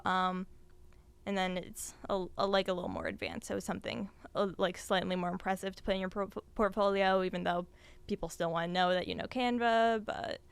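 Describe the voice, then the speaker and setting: A young woman chats as a podcast guest, her voice smooth and clean and recorded close and dry. She talks loosely, scattering fillers and laughing often. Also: mid-range voice, no room sound. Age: young adult. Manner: chatty, full of "like" and "um", laughs easily. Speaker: podcast guest, design student. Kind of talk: casual interview chat.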